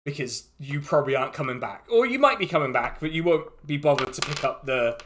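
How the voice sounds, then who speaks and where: A man's voice: a little high, lively intonation, fairly quick, a bit bright, slight background noise. A man narrating a tabletop game as game master, rambling and laughing through restarts.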